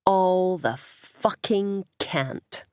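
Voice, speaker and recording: A woman voicing a sharp, disgusted woman with a cool, deliberate and cutting way of speaking. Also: fairly low pitch, smooth, no room sound, studio quality. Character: sharp, disgusted woman, faintly American-sounding.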